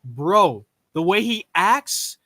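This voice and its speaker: A man's voice: sits high, very animated, slow pace, sharp tone, no room sound. A young man hosting a reaction channel, chatting eagerly with slang. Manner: enthusiastic, slangy. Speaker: channel host. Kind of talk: casual reaction chat.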